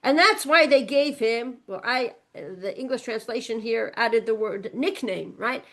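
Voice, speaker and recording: A woman's voice: fairly high pitch, unhurried, fairly bright tone. A woman teaching a text-study class who keeps asking her students questions and answering them as she goes through the verses. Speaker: Torah teacher.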